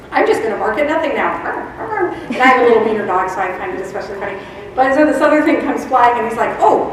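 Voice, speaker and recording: A woman's voice: fairly high pitch, slight background noise. A woman teacher librarian giving a chatty conference presentation with laughing asides. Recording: echoey hall from far off.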